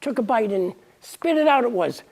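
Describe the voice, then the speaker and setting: A woman reading her own playful, pun-laden story aloud, in a gravelly, husky voice. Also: fairly high pitch, expressive, moderate pace, a little mellow.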